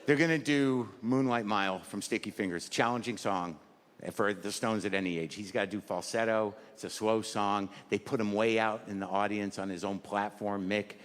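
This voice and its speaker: A man's voice: on the low side, normal speed. A man performing a stand-up routine on a live stage, telling a rambling, stammering, self-deprecating story. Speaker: stand-up comedian. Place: live comedy stage before an audience. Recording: reverberant live hall with audience.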